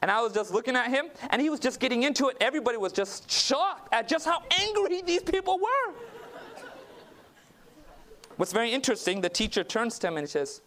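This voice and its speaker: A man's voice: very high voice, sing-song, a little fast, sharp tone. A male preacher telling a personal story in a sermon, chatty and anecdotal, often checking in with "okay?". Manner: anecdotal, conversational, with frequent "okay?" asides.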